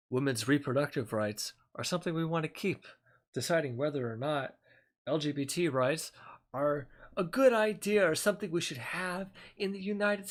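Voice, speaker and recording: A man streaming casual commentary, sarcastic and rambling, often breaking into laughs. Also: medium pitch. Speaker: streamer reacting to a speech.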